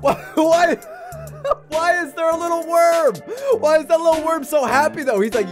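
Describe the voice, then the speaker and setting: A man with a strikingly high voice gives giggly, excitable let's-play commentary and talks straight to his viewers. Game music plays clearly behind him. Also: normal speed. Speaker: gaming YouTuber.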